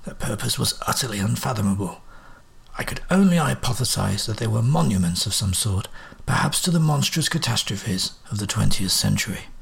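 A man's voice: lowish voice, expressive, brisk, creaky, fairly bright tone, breathy edge, exaggerated voice. A man voicing a cool, sardonic detective who speaks in clipped, precise Victorian diction.

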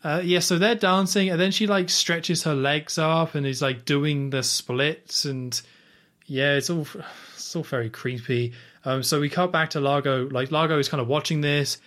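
A man's voice: on the high side, fairly even intonation, normal speed, a bit bright. A man co-hosting a podcast, casually recapping a film scene with lots of "like" and playful asides. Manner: chatty, recounts scenes with lots of "like" and playful quoted reactions. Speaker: podcast co-host.

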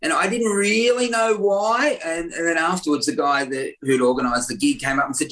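A man's voice: on the high side, moderate pace, hardly any pauses, a bit bright. A man, a comedian swapping bawdy stories in casual chat and laughing often.

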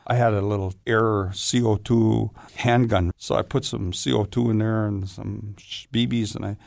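A stunt performer in an interview, telling long rambling stories in a casual way and often saying "you know". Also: male voice, lowish voice, fairly even intonation, moderate pace, gravelly, a little mellow, no echo, studio quality.

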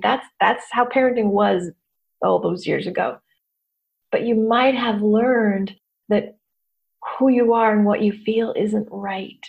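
A middle-aged woman, a therapist and teacher, speaks candidly to an audience, acting out the voices of people she quotes. Her voice sits on the high side, with a creaky texture and a darkish tone.

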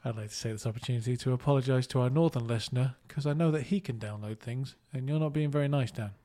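A man from England co-hosting a casual movie podcast, jokey and quick to laugh. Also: mid-range voice, warm tone. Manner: jokey, laughs often, slips into put-on voices. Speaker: podcast co-host.

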